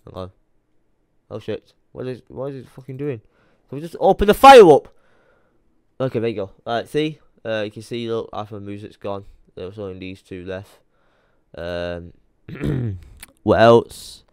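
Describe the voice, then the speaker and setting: A man's voice: fairly low pitch, expressive, a little slow, pauses often, a little mellow, clear, resonant tone, no echo, clean studio sound. A young man ranting to camera, rambling and swearing as he mutters to himself while searching his computer late at night, tired. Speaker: YouTuber. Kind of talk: frustrated rant to camera.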